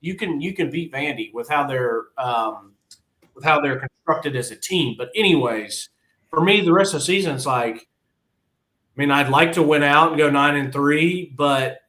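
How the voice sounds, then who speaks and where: Casting a blunt, frustrated male podcast co-host who chuckles through his rants, slightly high voice, roomy sound. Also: unhurried, pushed and bright. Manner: blunt, frustrated, laughs often. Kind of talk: casual sports chat.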